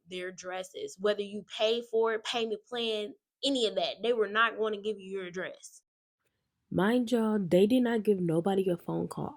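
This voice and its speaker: Animated woman sharing a testimony. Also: mid-range voice, gravelly. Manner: animated, speaks straight to viewers. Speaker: wedding advice vlogger. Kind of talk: casual testimony vlog.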